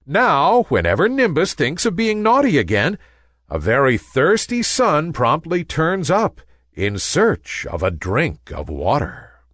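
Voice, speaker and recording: A man's voice: fairly high pitch, huge pitch swings, slow pace, a bit bright, no room sound. A man reading a children's story, letting his voice rise and fall in wide, sing-song sweeps. He takes his time, and the recording is close and dry.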